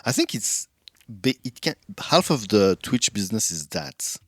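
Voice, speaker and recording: A male streamer with a lowish voice talks casually while he plays, rambling through false starts and thinking aloud. His voice is close to the mic and dry, with no room sound behind it. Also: very animated, unhurried, breathy edge, no room sound. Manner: rambling, many restarts, chats with viewers while thinking aloud.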